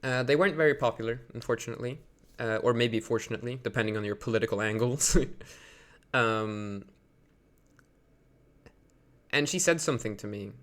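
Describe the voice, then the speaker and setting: This man from Sweden has a medium-pitched voice and talks at a normal speed, leaving long pauses. Ranting on a live stream, he rambles indignantly with many fillers and bursts out louder whenever outrage hits.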